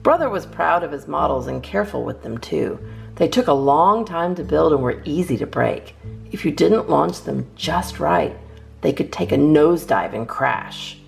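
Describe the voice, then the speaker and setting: A woman with a low, gravelly voice reads a children's storybook aloud at normal speed. Her narration is lively, with expressive rises and falls, and faint guitar music plays in the background.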